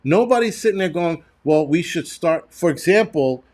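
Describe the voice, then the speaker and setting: A man's voice: fairly high pitch, animated, a little mellow. Angry, foul-mouthed man ranting. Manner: angry, profane and blunt; halting restarts and repeated words. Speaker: livestream host. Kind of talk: live-streamed rant.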